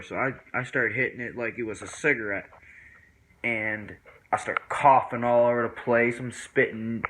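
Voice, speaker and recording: A man telling a casual personal story to the camera in a laid-back, slang-heavy way, acting out other people's voices in a higher pitch. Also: slight background noise, poor audio. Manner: animated, acts out friends' voices in higher pitch. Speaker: vlogger.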